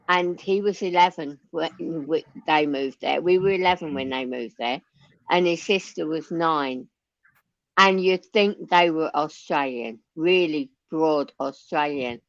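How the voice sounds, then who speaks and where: A woman's voice: fairly low pitch, dry recording, dull audio. A woman in her sixties from Lancashire with a Lancashire accent, chatting casually on a live stream and laughing often. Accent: Lancashire English. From Lancashire, England. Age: 60s. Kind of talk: casual chat.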